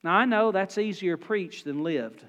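High-voiced preacher telling a folksy story. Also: male voice, measured pace, fairly bright tone, in a large hall. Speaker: pastor. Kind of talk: sermon.

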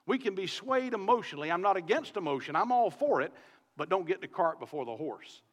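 A Southern-accented pastor speaks on a microphone to his congregation in the church sanctuary, preaching conversationally and leaning on rhetorical questions. He has a high-pitched voice with big pitch swings, a brisk pace and a bit of brightness, followed by a long reverb tail.

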